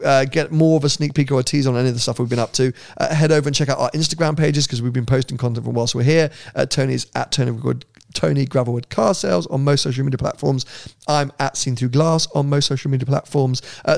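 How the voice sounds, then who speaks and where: A man co-hosting a podcast in casual chat, talking freely with frequent laughs and quieter asides. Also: mid-range voice, vocal fry. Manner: chatty, laughs often, trails off into quieter asides. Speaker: podcast co-host.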